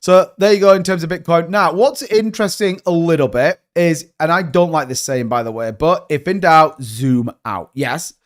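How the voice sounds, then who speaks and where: A man hosting a live stream, giving casual market commentary in an animated, joking way, repeating catchphrases. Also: fairly high pitch, moderate pace, hardly any pauses. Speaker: crypto channel host.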